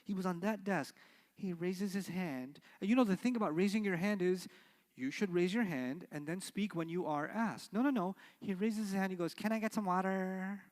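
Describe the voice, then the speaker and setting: A middle-aged man teaches an Arabic class, full of energy, slipping into the voices of the people in his stories and tossing questions at the room. His voice sits high. It carries a long reverb, like a large lecture hall. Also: moderate pace. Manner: animated, acts out quoted voices, asks the class questions. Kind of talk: lecture with storytelling.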